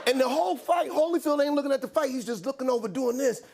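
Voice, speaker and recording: This man in his fifties talks fast in a very high, gravelly, slightly mellow voice. He's a comedian guest on a late-night show in a studio before a live audience, spinning animated funny tales, voicing the characters and laughing throughout.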